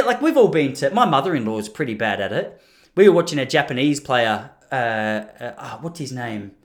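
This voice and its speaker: Lively Australian man rambling jokily. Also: on the high side. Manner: rambling, jokey and self-deprecating, full of restarts. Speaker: vlogger. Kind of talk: casual to-camera monologue.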